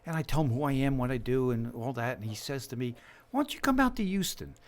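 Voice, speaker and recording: Talking fast in a mid-range voice, a middle-aged business lender gives a casual interview. He is a lively storyteller who plays out the conversations within his tales.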